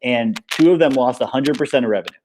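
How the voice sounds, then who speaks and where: A man being interviewed in a relaxed chat, talking in an upbeat, rambling way, full of fillers. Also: mid-range voice, fast talker, a little hiss or hum. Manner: rambling and upbeat, many fillers like "like" and "you know". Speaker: interview guest, paintball coach and business owner.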